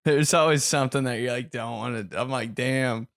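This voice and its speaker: Laid-back joking comedian, dry mic. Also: male voice, medium pitch, fairly even intonation, moderate pace, creaky, fairly bright tone, no room sound. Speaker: podcast co-host, stand-up comedian. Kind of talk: casual chat.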